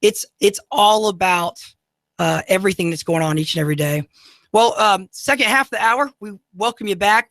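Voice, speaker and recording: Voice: medium pitch, a bit bright, dry recording. Motivational radio talk host, dry sound. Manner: casual, filler-heavy, motivational coaching talk. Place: radio studio.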